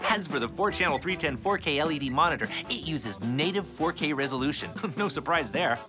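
An eager young male puppet hosting a behind-the-scenes tour, voiced by a man. The voice sits a little high and swings widely as he exclaims. Music plays clearly behind him. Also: expressive, brisk, lightly acted. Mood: excited. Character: cheerful young male puppet, earnest, starstruck. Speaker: host.

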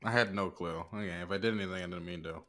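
A man on a stream, teasing a friend in a deadpan way, heard a little far from the mic. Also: low voice, rapid-fire, soft background music. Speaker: stream guest. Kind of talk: casual stream chat.

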